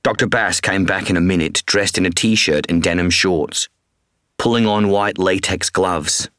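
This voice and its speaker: Deep-voiced man narrating an audiobook. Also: steady tone, measured pace, fairly bright tone, no echo, studio quality. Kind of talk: first-person scripted narration.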